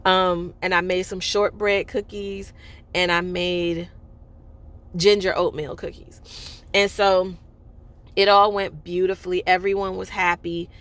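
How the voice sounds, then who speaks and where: A woman's voice: lowish voice, flat delivery, unhurried, a bit bright. A woman telling a personal story in a candid, rambling way, with many fillers and restarts. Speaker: speaker sharing a personal story.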